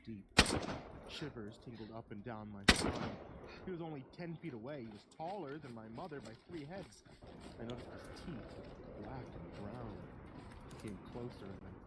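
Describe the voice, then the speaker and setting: A storyteller narrating a spooky first-person Christmas story in a slow, measured, hushed way. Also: medium pitch, animated, very noisy. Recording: loud keyboard typing behind.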